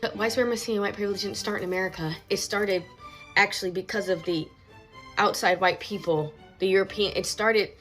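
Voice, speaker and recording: A woman giving emphatic, lecturing commentary to camera, repeating words for stress. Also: medium pitch. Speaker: social media commentator.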